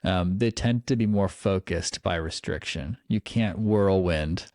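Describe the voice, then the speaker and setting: A man narrating as game master, in loose, easygoing speech full of fillers and quick asides. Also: sits low, a little mellow, dry recording, clean studio sound.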